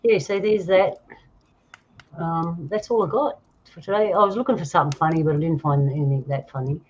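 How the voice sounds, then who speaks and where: Hosting a relaxed conversation, an Australian woman tells stories and laughs frequently in a low-pitched, fairly quick voice. The audio sounds dull and lo-fi, with a little background noise.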